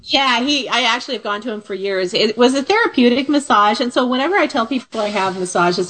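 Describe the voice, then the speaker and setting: Relaxed, chatty woman radio host. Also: medium pitch, quick pace, hardly any pauses. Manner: relaxed, chatty, self-deprecating. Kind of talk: casual chat.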